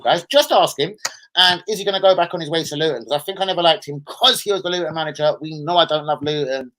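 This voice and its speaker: A man's voice: on the high side, expressive, fast, fairly bright tone. A man hosting a football live stream, rambling casually, swearing and bantering with his viewers.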